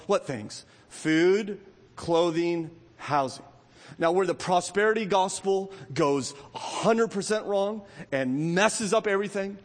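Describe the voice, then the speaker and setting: Impassioned high-voiced male pastor. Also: big-room sound. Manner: impassioned, rising to emphatic peaks. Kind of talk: sermon. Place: church sanctuary.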